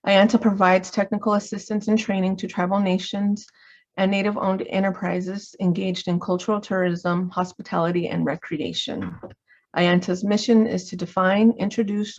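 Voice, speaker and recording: Woman hosting a webinar, lo-fi audio. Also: lowish voice. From New Mexico. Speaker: webinar host. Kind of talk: scripted webinar introduction.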